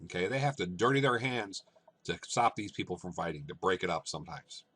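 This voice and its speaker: A man teaching a lesson, explaining step by step in short, deliberate phrases and checking in with his listeners as he goes. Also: sits low, lively intonation, a bit bright, breathy edge.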